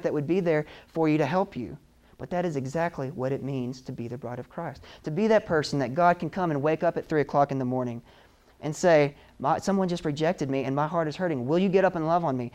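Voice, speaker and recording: Earnest male preacher, slightly high voice. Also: a little mellow. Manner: earnest, emotional preaching with slow emphatic pauses. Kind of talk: sermon.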